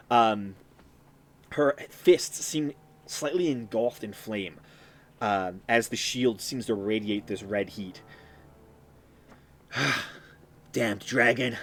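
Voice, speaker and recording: A man narrating a tabletop game as game master on a live stream, descriptive and full of ums and restarts. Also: medium pitch.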